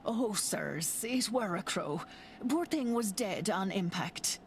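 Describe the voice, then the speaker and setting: A homely Irish working woman at an old manor, talks slowly with a lively rising and falling pitch. She sounds reassuring and plain-spoken, a game character with a soft hum of room noise behind her. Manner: homely, reassuring, dialect speech.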